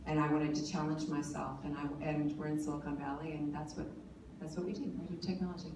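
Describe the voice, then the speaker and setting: A woman's voice: sits low, level tone, quick pace. A woman in her forties giving an earnest personal speech at a forum, talking with many fillers and restarts. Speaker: panel speaker. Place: large conference hall. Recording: distant mic in an echoey hall with noise.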